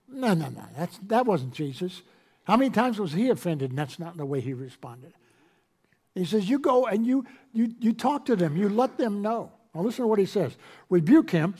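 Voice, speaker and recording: A male pastor preaching a sermon to a congregation, quoting scripture in a raised, animated voice. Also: high voice. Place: church hall with congregation.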